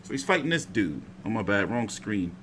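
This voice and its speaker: A man with a lowish voice hosts a casual boxing livestream from home, speaking at a normal speed. He's animated, rambling, and swears freely, with background noise audible.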